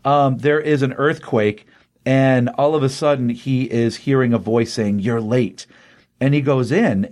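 A man casually recapping a comic book story, lively, with quick voices for the characters he quotes. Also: medium pitch.

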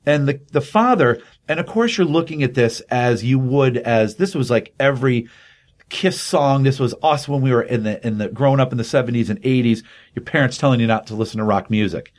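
A man in his fifties hosting a show, casually recapping a comic with lots of fillers and animated storytelling. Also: medium pitch, fairly quick. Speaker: podcast host.

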